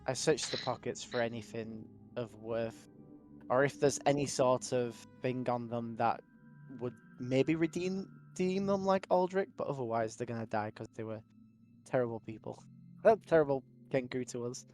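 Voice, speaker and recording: A man's voice: mid-range voice, moderate pace, a little mellow, soft background music. A man playing a tabletop game, speaking casually and hesitantly, often laughing. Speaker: player.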